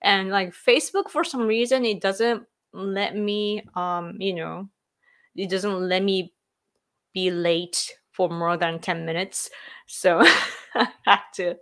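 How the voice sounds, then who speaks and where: A woman's voice: medium pitch, fairly even intonation, takes it slowly, fairly bright tone. A woman from Japan with a Japanese accent, hosting a casual livestream chat from a room at home, laughing often and filling with "like". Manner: chatty, giggly, filler-heavy, reads out comments. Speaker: livestream host.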